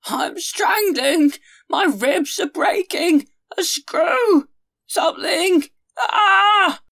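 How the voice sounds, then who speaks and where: A man voicing a desperate old male carter who cries out in shrill, high pleas. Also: lively intonation, extremely slow, gravelly, pushed and bright, heavily acted. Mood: shrieking. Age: older.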